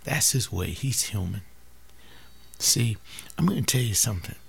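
Older man preaching in a gravelly voice. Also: fairly low pitch, lively intonation, moderate pace. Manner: acts out family dialogues, swings from loud to hushed. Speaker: teacher giving a sermon-like talk. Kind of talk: impassioned preaching to an audience.

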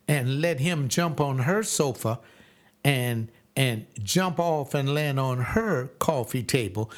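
A man in his seventies preaching a sermon, emphatic and repetitive, often acting out voices. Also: medium pitch. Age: 70s.

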